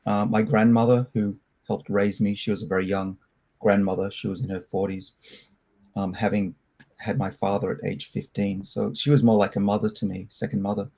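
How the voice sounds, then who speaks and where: Middle-aged Australian scientist, interview guest; low, warm voice; candid and reflective. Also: male voice, level tone, gravelly. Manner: candid, reflective, loose and halting. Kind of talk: conversational interview answers.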